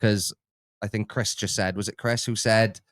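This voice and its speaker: A young man hosting a reaction video in casual chat, animated and laughing, a little exasperated. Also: lowish voice, normal speed, no room sound, studio quality.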